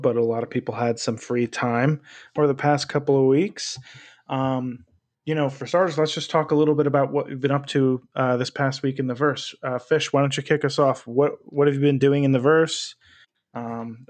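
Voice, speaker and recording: A man hosting a gaming podcast, talking casually with frequent ums and uhs. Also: medium pitch. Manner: relaxed, hesitant with many fillers. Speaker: podcast host.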